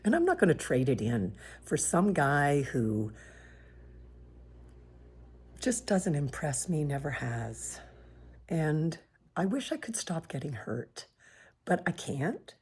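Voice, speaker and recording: Woman from Canada, deep and very breathy, earnest pained vlog monologue. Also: very animated, takes it slowly, pauses often, darkish tone. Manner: earnest and pained, at times dropping to a whisper. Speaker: vlogger sharing her views. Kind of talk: emotional personal monologue.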